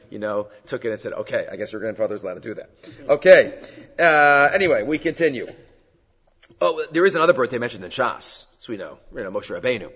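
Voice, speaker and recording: A man teaching a Talmud lesson who chants the quoted texts and then explains them in a lively way. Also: medium pitch. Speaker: Torah teacher. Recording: dull lo-fi sound in a long-reverb hall.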